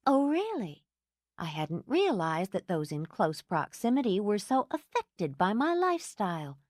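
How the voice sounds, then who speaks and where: A woman's voice: mid-range voice, sing-song, a little slow, darkish tone, no room sound, studio quality, voice pushed up. A woman voicing a proud, hurt divorced woman of thirty who keeps her temper tightly controlled.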